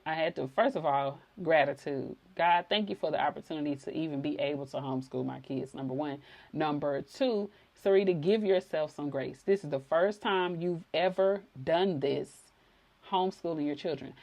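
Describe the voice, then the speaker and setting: Low gravelly woman telling a story. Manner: conversational, animated retelling with quoted dialogue. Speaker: podcast host. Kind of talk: personal storytelling.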